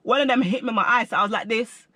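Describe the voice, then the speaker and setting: A young man telling a story in a slangy, animated storytime vlog. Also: very high voice, rapid-fire, no echo. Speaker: vlogger.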